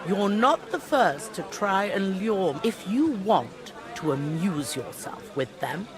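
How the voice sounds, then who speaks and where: An actress playing a sharp-tongued medieval noblewoman, speaking in an arch, teasing manner. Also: medium pitch, very animated, slow pace, over music, crowd noise. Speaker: noblewoman at a feast. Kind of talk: video game voice acting.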